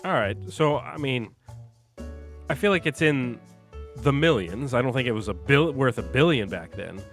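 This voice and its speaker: A man in the middle of his range chats loosely as a podcast co-host, tossing out quips and laughing easily at his own missteps. Soft music hums faintly behind him. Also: mid-range voice, animated, moderate pace. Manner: jokey, laughs often, self-deprecating. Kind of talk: casual sports chat.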